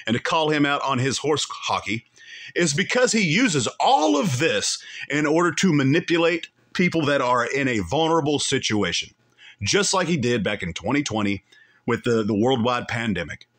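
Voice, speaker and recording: A man's voice: medium pitch, sing-song, normal speed, fairly bright tone. A man hosting a commentary show, angrily calling out someone between clips, with heated, repetitive and emphatic insults.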